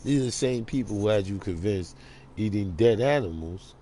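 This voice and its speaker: A man's voice: fairly low pitch, expressive, normal speed, warm tone, slight background noise. A man hosting his own online radio show, talking in a rambling, slangy monologue and laughing at his own jokes. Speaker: internet radio show host. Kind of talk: casual monologue.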